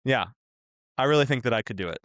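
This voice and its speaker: A man's voice: mid-range voice, animated, quick pace, a bit bright, dry recording, clean studio sound. A man co-hosting a podcast in casual chat, joking and rambling, often laughing. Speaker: podcast co-host.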